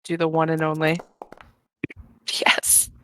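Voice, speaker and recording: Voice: medium pitch, completely flat delivery, takes it slowly, bright, forceful tone. A player in an online tabletop game, chatting playfully and joking with the group. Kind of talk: casual game chat.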